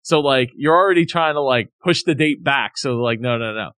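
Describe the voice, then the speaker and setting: Brief: male co-host, lively complaining storyteller, dry recording. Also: medium pitch, normal speed, clear, resonant tone, no room sound. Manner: animated, ranting, mock-quoting others. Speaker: podcast co-host. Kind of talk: casual chat, telling a complaint story.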